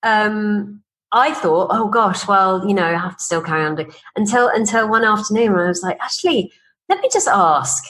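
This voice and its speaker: A woman's voice: mid-range voice, animated, moderate pace, a bit bright, slight background noise, low-quality recording. A woman business coach, a podcast guest, telling personal stories in casual conversation and acting out the dialogue she quotes. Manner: chatty, acts out quoted dialogue, laughs while telling stories.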